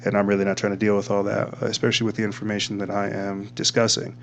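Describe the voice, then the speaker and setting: A man's voice: lowish voice, completely flat delivery, fast, gravelly, fairly bright tone, a little hiss or hum. A man hosting a talk show, commenting casually while reading from his screen, rambling and repeating himself with frequent laughs. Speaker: podcast host.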